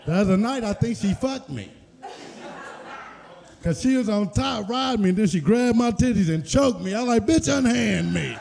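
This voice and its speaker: A man's voice: sits high, lively intonation, normal speed, pauses often, a little mellow, slight background noise. A man doing a stand-up set on a comedy club stage, talking into a handheld mic with a brash, boisterous delivery.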